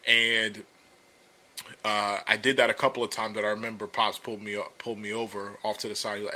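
Bright-toned man telling a story. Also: lowish voice, flat delivery, a little fast. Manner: conversational storytelling, many fillers, rising energy when making a point. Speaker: podcast co-host and business coach. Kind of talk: casual podcast talk.

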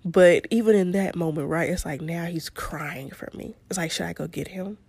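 Podcast host, woman in her 30s, casual storyteller, low gravelly voice. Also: moderate pace, a little mellow. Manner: chatty, laughs often, Southern-style "y'all".

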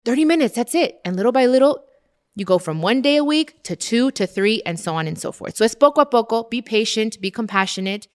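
A woman's voice: a little high, expressive, fairly quick. A woman, hosting a casual advice chat and switching between English and Spanish. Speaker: host answering listener questions.

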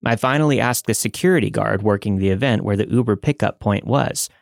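A man hosting a podcast, reading listener stories as scripted narration in a measured, dramatic way. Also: fairly low pitch, creaky, no echo, studio quality.

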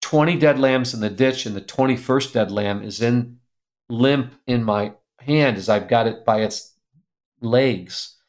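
A man speaking as an interview guest, telling an earnest, emotional story with an animated delivery that drops to a soft hush at tender moments. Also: mid-range voice, measured pace. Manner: animated, acts out quoted voices. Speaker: guest speaker, publisher founder.

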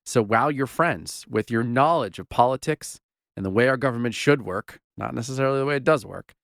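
A man's voice: mid-range voice, a little fast, gravelly, fairly bright tone, dry recording. A man co-hosting a podcast, trading wry, dry-humored banter in a casual chat. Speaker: podcast co-host.

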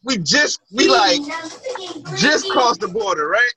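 A man co-hosting a podcast in loud, excitable casual chat, laughing a lot. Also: high-pitched, slow, a crowd in the background. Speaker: podcast co-host.

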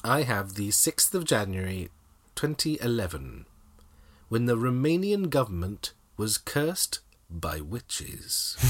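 A man's voice: on the low side, sing-song, takes it slowly. A man co-hosting a comedy podcast, telling odd stories playfully and laughing often. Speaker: podcast co-host. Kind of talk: casual comedic chat.

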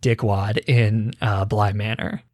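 A man's voice: on the low side, flat delivery, takes it slowly, dry recording. Dry-sounding man in his twenties, chatty. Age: 20s. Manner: chatty, runs a quiz game on the co-host. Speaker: podcast host. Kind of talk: casual chat.

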